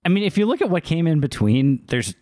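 A man chats on a movie podcast in a wry, laid-back way, rattling off facts with many pauses and fillers. His voice sits in a dry, close recording with no room sound. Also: fairly high pitch, big pitch swings, warm tone, dry recording. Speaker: podcast co-host. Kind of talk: casual movie review chat.

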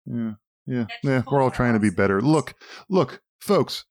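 A man's voice: medium pitch, animated, unhurried, no room sound, clean studio sound. A man co-hosting a casual talk show, rambling, swearing and enthusiastic. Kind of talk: casual chat.

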